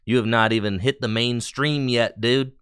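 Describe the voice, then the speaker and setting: Bright, crisp-voiced excitable streamer man. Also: mid-range voice, normal speed. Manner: chatty and excitable, slangy, with bursts of enthusiasm. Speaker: streamer opening card packs. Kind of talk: casual live-stream chat.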